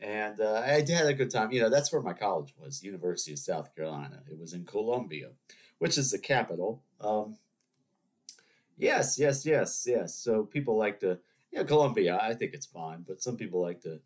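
A man with a slightly low voice hosts a solo podcast, sniffling through a cold. He chats loosely with his listeners and wanders into digressions and jokey asides. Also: sing-song, moderate pace. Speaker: podcast host. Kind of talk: rambling solo podcast monologue.

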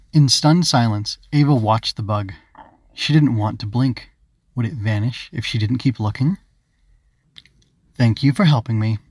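A man narrating his own children's story as an audiobook, in a calm, even storytelling manner. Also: on the low side, no room sound, studio quality. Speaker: author and narrator.

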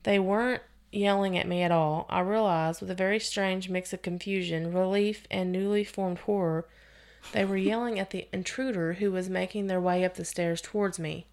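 A woman's voice: mid-range voice, steady tone, normal speed, a little mellow. A woman hosting a podcast, reading a scary story aloud with expression and sometimes restarting a phrase. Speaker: podcast host reading stories.

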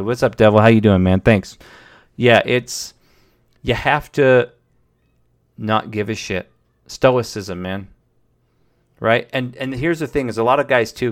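Blunt, low-voiced man streaming advice. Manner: blunt and profane, talks straight to the viewer. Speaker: livestream host. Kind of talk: casual advice talk to live chat.

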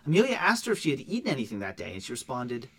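A man co-hosts a casual true-crime podcast. He reads through case notes at a brisk clip with plenty of swing in his pitch and drops in quick offhand asides. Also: huge pitch swings, fairly bright tone. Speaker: podcast co-host.

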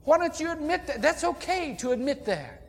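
A man from Indiana preaching a sermon as pastor, folksy and animated, with sudden loud outbursts. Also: extremely high pitch, brisk. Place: church sanctuary. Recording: long church reverb.

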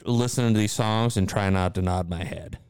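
A man's voice: low-pitched, moderate pace, a little mellow, clean tone, no echo, studio quality. A man in casual podcast chat who swears freely, laughs often, and mimics people. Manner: profane, laughing, mimics people in put-on voices.

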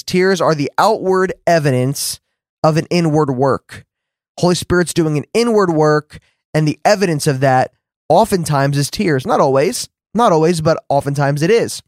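An earnest man teaches on a faith podcast, talking to his listeners in a conversational way. His voice sits a bit high for a man, and he acts out his own past words with lively jumps. The sound is dry and close, with no room echo. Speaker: podcast host and preacher.

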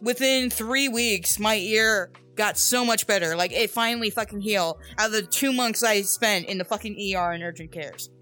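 A woman's voice: medium pitch, normal speed, hardly any pauses, sharp tone, faint music behind. A young woman co-hosting a casual podcast, telling a story bluntly and swearing freely. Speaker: podcast co-host. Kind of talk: casual chat.

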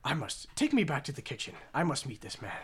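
A man voicing a very posh, refined gentleman with a put-on British accent, speaking slowly and grandly. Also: mid-range voice, wildly swooping pitch. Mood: insistent. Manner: slow, pompous, drawn-out delivery.

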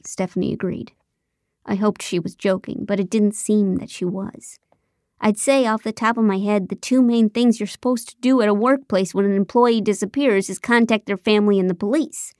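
A woman's voice: medium pitch, moderate pace, no echo, studio quality. Wry woman narrating a comic audiobook. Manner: wry, deadpan, sarcastic. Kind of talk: first-person comic narration.

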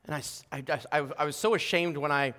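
A bright, sharp-toned man preaches with fervour, his voice pitched high and climbing louder as he presses each point. The sound carries a long reverb, as from a church sanctuary. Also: fairly even intonation, fast. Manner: fervent preaching, rising loud and high on key points. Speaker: pastor. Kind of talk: sermon.

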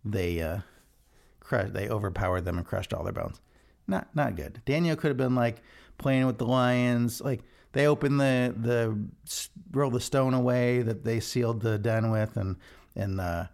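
A man's voice: medium pitch, vocal fry. A man giving a casual devotional talk, rambling and correcting himself as he retells a scripture story. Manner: rambling, self-interrupting, animated. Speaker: devotional speaker.

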